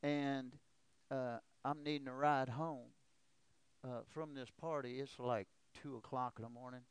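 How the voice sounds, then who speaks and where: A man preaching a testimony sermon in a smooth, resonant voice. He tells his story and it builds to a shouted exhortation. The sound is dry and close. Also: medium pitch, fairly even intonation, measured pace, no room sound.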